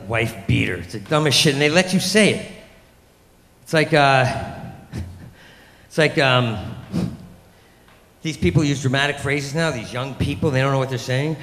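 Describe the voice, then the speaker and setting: A man's voice: medium pitch, moderate pace, long pauses. Rambling stand-up guy in an echoey club. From New York. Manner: rambling, self-deprecating, lurching into loud mock voices. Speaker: stand-up comedian. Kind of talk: stand-up comedy set. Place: comedy club stage. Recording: echoey club room with long reverb.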